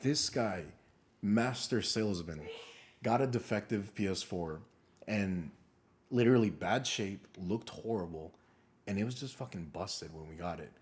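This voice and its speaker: A young man co-hosting a casual podcast, telling animated stories, swearing often and acting out what people said. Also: on the low side, unhurried. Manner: animated storyteller, swears a lot, acts out quotes. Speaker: podcast co-host. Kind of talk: casual storytelling chat.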